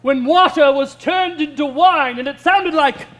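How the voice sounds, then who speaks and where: A grandiose apostle Peter proclaims his memories in a high, theatrical voice and keeps wandering off into silly asides, as a man hams him up. The tone is broad kids' church comedy. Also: measured pace, a bit bright. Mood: proclaiming.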